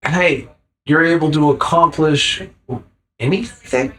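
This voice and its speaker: A man with a somewhat high voice talks slowly and emphatically, rambling through his points with casual swearing. He sounds tipsy from drinking, a guest in a loose, unscripted chat. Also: fairly bright tone, low-quality recording. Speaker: podcast guest.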